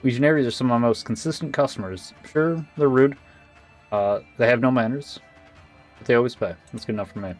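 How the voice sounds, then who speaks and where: A man reading aloud the lines of a weary middle-aged woman who runs a diner, in a plain, flat manner. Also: medium pitch, brisk, soft background music, pitched above the performer's own voice, lightly acted. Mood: matter-of-fact.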